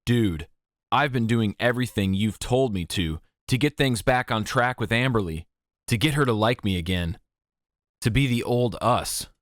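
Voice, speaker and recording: A man's voice: mid-range voice, expressive, moderate pace, no echo, clean studio sound, close to an everyday voice. A man voicing an anxious, unsure teenage boy in an audiobook, speaking hesitantly. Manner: hesitant, confiding.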